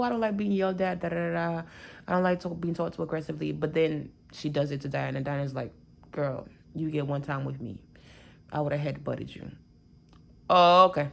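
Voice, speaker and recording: A woman's voice: low-pitched, creaky. A young woman recapping a reality show episode in a chatty, gossipy way, with sarcastic asides.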